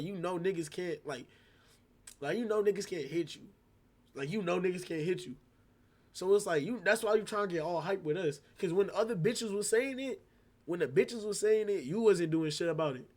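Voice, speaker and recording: A man's voice: high-pitched, darkish tone. A young man streaming live, telling a story in a casual, slangy, rambling way and animatedly acting out what everyone said. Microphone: streaming setup microphone.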